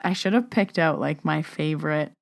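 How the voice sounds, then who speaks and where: A young woman hosts her own podcast, chatting casually into a podcast microphone. Her voice sits a little low for a woman. She tells stories in a chatty way, says "like" a lot, and acts out both sides of every conversation. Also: moderate pace, creaky. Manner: chatty storyteller, acts out dialogue, says "like" often. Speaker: podcast host and medium. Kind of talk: casual solo podcast chat.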